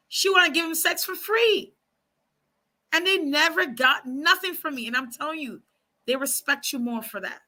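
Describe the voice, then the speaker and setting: A woman talking casually to her viewers, giving frank dating advice and telling stories with lots of asides. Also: high-pitched. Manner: chatty, frank, animated storytelling with many asides; speaks to viewers as y'all and ladies. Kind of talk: casual advice chat to camera.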